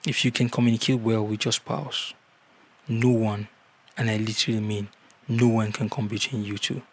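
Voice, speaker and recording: A man's voice: lowish voice, steady tone, normal speed. A man giving earnest marriage advice in a casual vlog, repeating key words for emphasis.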